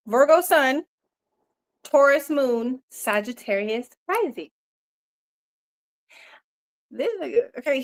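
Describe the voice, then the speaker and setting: A woman's voice: medium pitch, fairly bright tone. A woman hosting a casual livestream, rambling loosely with lots of swearing, laughter and "you know" fillers. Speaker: livestream host. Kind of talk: casual live-stream chat.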